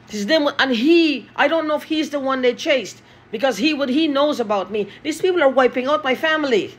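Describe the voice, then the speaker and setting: A woman from Guyana, talking in an angry, profane monologue and repeating herself. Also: high-pitched.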